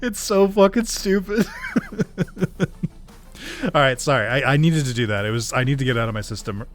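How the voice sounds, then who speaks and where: A young man doing casual let's play commentary, excitable, laughing often and swearing freely. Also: medium pitch, moderate pace, faint music behind.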